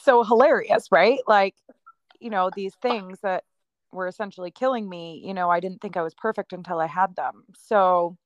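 A woman's voice: medium pitch, moderate pace, dull audio. A woman speaking as a guest in a casual podcast chat, talking candidly and laughing easily.

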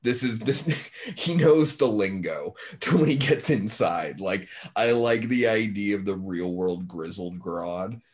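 A man's voice: on the low side, measured pace, few pauses. A man with an English accent in casual podcast chat, rambling and restarting his thoughts.

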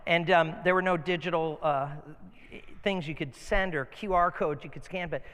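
Male pastor, sermon, casual animated storytelling, bright forceful tone, reverberant church. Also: fairly high pitch, moderate pace, smooth.

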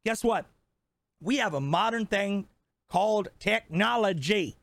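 A man's voice: high voice, expressive, unhurried, vocal fry, a bit bright, no room sound. A man in his twenties co-hosting a podcast, ranting heatedly and swearing constantly. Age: 20s. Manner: profane, fired up, emphatic. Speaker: podcast co-host. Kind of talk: heated casual rant.

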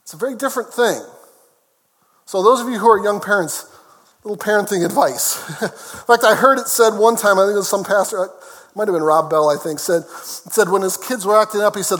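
A man's voice: high-pitched, lively intonation, normal speed, a bit bright. A man preaching a sermon as pastor, emphatic, repeating key phrases and turning to chat with the congregation. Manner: conversational asides to the congregation. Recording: long reverb of a large hall.

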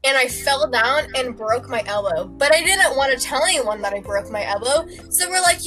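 High, bright young woman telling a story. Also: expressive, moderate pace, hardly any pauses, soft background music, rough recording. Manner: rambling, giggly, acts out quotes. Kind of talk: casual chat.

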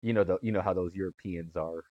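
A man's voice: sits low, fairly even intonation, quick pace, lo-fi sound. A man hosting a podcast in casual chat, laid-back and joking, mostly giving short replies. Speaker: podcast host.

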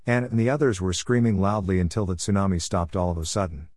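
A man reading out a homemade story in a plain, steady way. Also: deep voice, fast talker, dry recording, clean studio sound.

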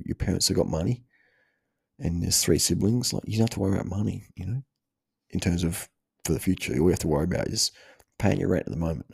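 A man's voice: low voice, vocal fry, a little mellow, breathy edge, no echo. A man in his late thirties, hosting a podcast and giving blunt, profane life advice in a casual chat, often laughing.

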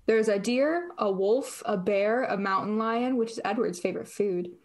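Co-hosting a podcast, a young woman rambles through a casual chat, full of fillers and restarts. Her voice is mid-range and darkish, at a normal speed.

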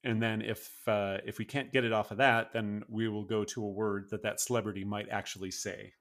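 A man's voice: fairly low pitch, level tone, a little fast, fairly bright tone. A man co-hosting a podcast, chatting casually, rambling with fillers and laughing often. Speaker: podcast co-host. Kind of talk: casual chat.

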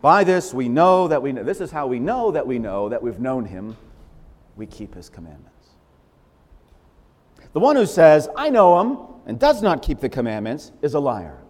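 A man preaching a sermon in an emphatic, animated way, repeating phrases for stress. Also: mid-range voice, normal speed, long pauses. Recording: long hall reverb.

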